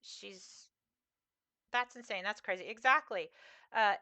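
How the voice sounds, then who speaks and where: A woman's voice: mid-range voice, takes it slowly, pushed and bright, no echo. A young woman streamer chatting casually with her viewers while she plays, rambling with frequent fillers and laughs. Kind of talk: casual live-stream chat while gaming.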